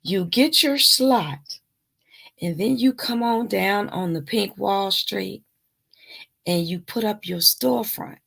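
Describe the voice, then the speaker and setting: A woman co-host talks in a slow, unhurried way, and a gravelly fry runs through her voice. Her delivery is playful and lively in casual live promotional chat. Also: medium pitch. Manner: playful and lively, breaks into silly rhyming ditties. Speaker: co-host of a live online show.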